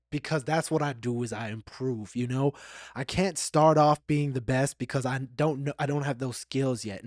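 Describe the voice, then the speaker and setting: A man's voice: mid-range voice, no room sound, studio quality. A man hosting a solo podcast, talking in a candid and reflective way, sometimes getting emotional and repeating himself. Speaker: podcast host.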